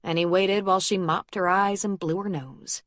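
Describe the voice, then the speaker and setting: Low-voiced woman narrating an audiobook. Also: fairly even intonation, normal speed, dry recording, clean studio sound. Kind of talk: scripted narration.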